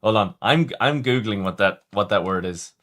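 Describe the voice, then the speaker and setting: A man's voice: on the low side, expressive, moderate pace, a bit bright. A man hosting a casual livestream, chatting with viewers in a rambling way, often stumbling and restarting. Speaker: livestream host reading chat.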